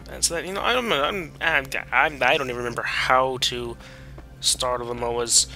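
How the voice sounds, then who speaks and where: Bright young man joking through a game. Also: mid-range voice, normal speed, gravelly, soft background music. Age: young adult. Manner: chatty, joking. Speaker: gameplay commentator. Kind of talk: casual let's play commentary.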